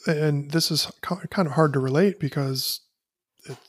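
Guy in his 30s chatting college football, kinda high voice, real dry sound, lots of "like". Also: normal speed, no room sound. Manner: enthusiastic, frequent "like" fillers. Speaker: podcast co-host. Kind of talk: casual sports chat.

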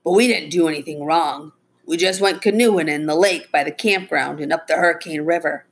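A woman's voice: low-pitched, fairly quick. A woman voicing a stubborn, defensive male suspect who scoffs at accusations in a read-aloud story. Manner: defensive, sarcastic.

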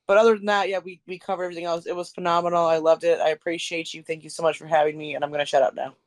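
A woman's voice: fairly low pitch, little pitch movement, racing. A woman guest on a podcast, giggly and self-deprecating in casual chat.

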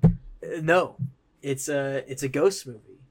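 Excited man pitching a movie. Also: a little slow. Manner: excited, pitching with hesitant fillers. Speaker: podcast co-host. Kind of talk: casual chat.

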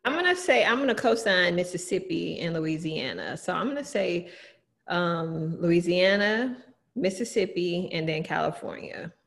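A woman speaks bluntly and frankly in casual group chat. Her voice sits low and carries a gravelly fry. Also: very animated, moderate pace, fairly bright tone.

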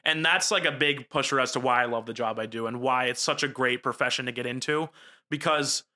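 Fast-talking young man with a Jersey accent. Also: medium pitch. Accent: New Jersey. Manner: quick, animated storytelling with frequent "like" fillers. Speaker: local TV news reporter. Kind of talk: casual podcast chat.

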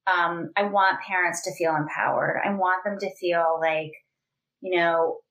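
A woman's voice: on the low side, a little slow, highs cut off. A woman in her forties, a family educator, talking earnestly in an interview with lots of "you know" fillers. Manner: earnest, animated, many fillers. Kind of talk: conversational interview.

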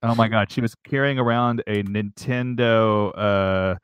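A man co-hosting a podcast, excitable and rambling in jokey casual chat. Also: on the low side, a little slow, clear, resonant tone, no echo. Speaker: podcast co-host.

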